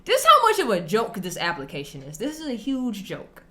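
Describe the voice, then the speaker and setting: A woman hosting a reaction video, chatting casually and telling a story in an animated, slangy, emphatic way. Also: medium pitch, a little fast.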